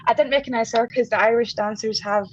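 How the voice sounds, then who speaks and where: A woman's voice: fairly high pitch, fairly even intonation, quick pace. A woman guest musician in a casual interview, chatting with frequent laughs, fillers and restarts. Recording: dull lo-fi sound with faint background noise.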